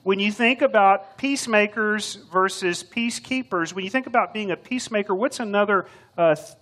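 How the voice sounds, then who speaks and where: A man's voice: high-pitched, fairly quick, a bit bright. An older man, filling in as preacher, delivering a sermon in a folksy, joking storytelling way. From Texas. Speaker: substitute preacher.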